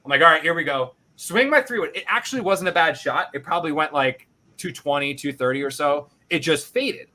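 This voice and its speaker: A male podcast host telling a casual, animated story, swearing freely and acting out his own reactions. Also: fairly high pitch, fairly quick.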